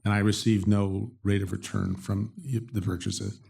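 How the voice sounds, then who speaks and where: Gravelly man with a rambling question. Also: lowish voice, flat delivery, a little mellow. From Canada. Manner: rambling, halting, self-interrupting. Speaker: audience member asking a question. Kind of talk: public Q&A question.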